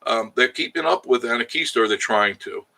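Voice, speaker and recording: A medium-pitched male voice, a little fast, with vocal fry and a bright, forceful tone. He's hosting a laid-back live stream outdoors in the Smoky Mountains, calling viewers by name and joking between bursts of laughter.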